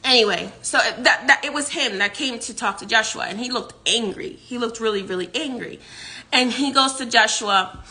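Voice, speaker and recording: A psychic vlogger recounts a dream in a high-ish, pushed, bright voice at a moderate pace. Her telling is casual and rambling, with many restarts and lots of laughter.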